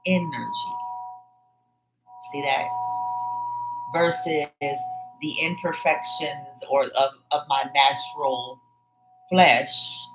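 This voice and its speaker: A woman's voice: sits low, low-quality recording. A woman giving a casual tarot card reading, rambling, with many fillers and restarts. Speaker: tarot reader.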